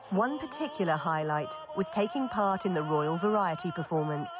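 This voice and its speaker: A woman giving scripted documentary narration with a measured, even delivery. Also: lowish voice. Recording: narration over music.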